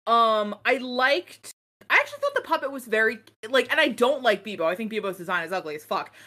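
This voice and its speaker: A woman co-host rambles through a casual podcast chat, her voice swinging up and down in a lively way. Her tone is bright and sharp. She talks loosely and curses often. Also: on the high side, brisk. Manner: animated, rambling, swears freely.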